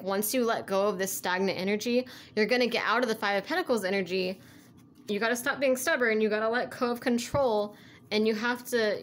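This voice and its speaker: A woman's voice: medium pitch, slight background noise. A woman giving a casual tarot reading to her viewers, rambling and earnest, with lots of "like" and "you know". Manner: rambling, heavy use of "like", earnest and encouraging. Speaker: tarot reader.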